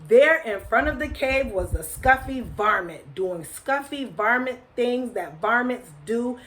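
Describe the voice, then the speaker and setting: A woman acting as a storyteller reads a picture book aloud to children, expressive and slow, with few pauses and chatty asides to her young listeners. Her voice sits on the high side, and the audio quality is poor.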